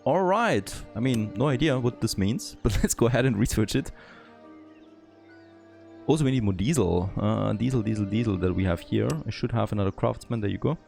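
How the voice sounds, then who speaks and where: A man who is not a native English speaker, thinking aloud and getting excited as he comments on a city-building game. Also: on the low side, brisk, gravelly, faint music behind. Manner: thinking aloud, easily excited, frequent "there you go". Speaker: gameplay commentator. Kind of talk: let's play commentary.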